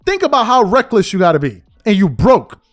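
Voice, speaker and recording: A man's voice: high-pitched, sing-song, fairly quick. A man hosting a commentary show, giving emphatic, opinionated sports commentary in a slangy, conversational way and firing off repeated rhetorical questions.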